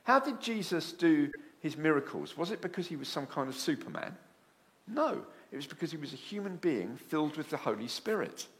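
A man preaching a sermon, telling stories with lively asides. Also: fairly high pitch, a little fast. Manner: animated storytelling with acted asides.

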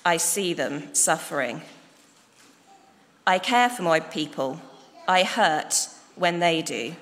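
God from a burning bush, read by a woman: solemn, pleading, slow, echoey hall. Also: deep voice, expressive, a bit bright, heavily acted. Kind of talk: storytelling in worship. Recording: echoey hall, faint noise.

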